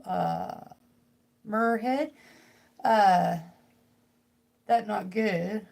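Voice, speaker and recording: A woman's voice: medium pitch, drawn-out words, vocal fry, a little mellow. A young woman reading tarot on a casual livestream from home. She rambles and jokes while talking to her viewers. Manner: rambling, joking, talks to chat. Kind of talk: casual live tarot stream.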